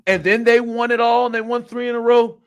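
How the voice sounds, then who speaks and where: Animated high-voiced man, sports talk. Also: smooth. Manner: animated, incredulous, quick laughs, fillers like "like". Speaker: podcast host.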